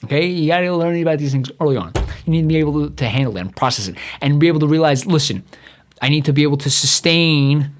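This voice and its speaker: A man's voice: on the high side, lively intonation, quick pace. A young man from New hosting a podcast alone, ranting with lots of swearing, rambling and stumbling over his words. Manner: rambling, profane, stumbles and restarts often. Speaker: podcast host. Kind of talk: profane solo rant.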